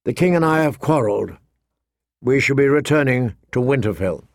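A man voicing a stern, honorable middle-aged lord who speaks gravely and firmly. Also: medium pitch, lively intonation, no echo, studio quality, lightly acted. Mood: weary. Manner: grave, firm, measured.

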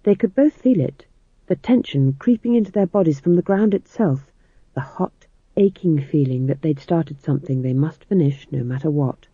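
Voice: medium pitch, moderate pace, dark tone, breathy edge, dry recording. An audiobook narrator reading a story in a dry, wry manner. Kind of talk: scripted narration. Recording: tinny phone-like audio, dry.

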